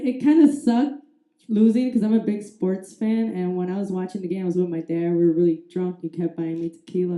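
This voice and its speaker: A woman's voice: on the low side, mellow, echoey room. A young woman doing a stand-up comedy set on a club stage mic, telling crude stories with laughter and acting out other people's voices. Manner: crude, laughing storyteller who acts out voices. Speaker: stand-up comic. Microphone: handheld stage mic.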